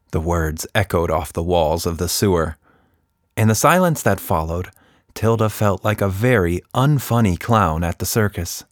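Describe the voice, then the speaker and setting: A man reads a children's story in an expressive, animated way. His pitch rolls up and down with the tale while he takes his time. The sound is close and dry. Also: a little slow, no echo.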